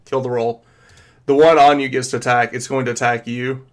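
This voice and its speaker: A man narrating as game master of a tabletop game, pausing often with fillers as he describes the action. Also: medium pitch, little pitch movement. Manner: hesitant, filler-heavy narration.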